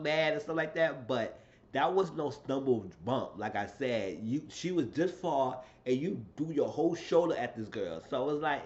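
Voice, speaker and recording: A man casually recapping a reality show episode, telling it in an animated, profane way. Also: muffled recording. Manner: animated storytelling, shifting into high acted quotes.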